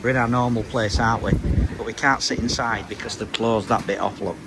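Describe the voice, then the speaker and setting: A man's voice: on the low side, fairly even intonation, fairly quick. Man, casual vlogger, friendly patter to camera, noisy handheld sound. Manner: chatty, addresses viewers as folks and guys. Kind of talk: casual travel vlog narration.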